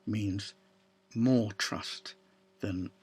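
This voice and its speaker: A man preaching a sermon, slow and deliberate, with long pauses and quiet drops to a near-whisper. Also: fairly low pitch, steady tone, slightly rough. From Ireland.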